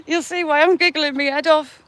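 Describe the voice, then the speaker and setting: A woman's voice: sits high, no room sound. A woman hosting a casual live stream, caught in a helpless snorting laughing fit as she greets viewers by name. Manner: giggly, self-mocking, greets viewers by name. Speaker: livestream host.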